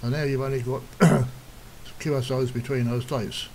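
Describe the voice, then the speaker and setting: A man with a mid-range voice talks a viewer through a software task one step at a time. His delivery is plain and unhurried, with the odd throat-clear. A faint hiss sits under the recording. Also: mid-range voice, steady tone, low-quality recording. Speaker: software tutorial presenter. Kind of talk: step-by-step screen tutorial.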